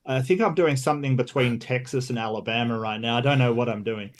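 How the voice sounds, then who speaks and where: A man's voice: mid-range voice, quick pace. A man debating on a video call, hesitant and self-deprecating, with many restarts and fillers. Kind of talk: casual debate talk.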